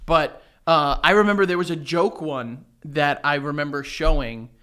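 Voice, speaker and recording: A young man co-hosting a podcast in casual chat, animated and jokey, with lots of fillers. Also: on the high side, normal speed, clean tone. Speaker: podcast co-host.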